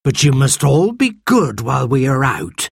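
A man's voice: medium pitch, big pitch swings, normal speed, gravelly, slightly rough, dry recording, clean studio sound, heavily acted. A man voicing a cross, scolding nursemaid in a storybook reading.

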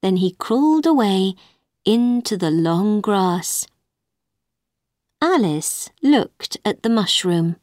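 Slow, expressive woman reading a story. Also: medium pitch, no room sound, clean studio sound. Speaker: narrator.

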